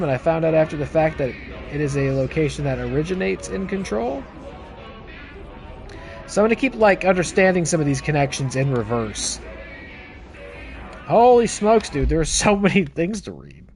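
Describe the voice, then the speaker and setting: A man's voice: on the high side, darkish tone, a little hiss or hum. A joking, chatty male game streamer. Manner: joking, chatty, reads game text aloud with asides. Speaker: gaming streamer. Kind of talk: casual let's-play commentary.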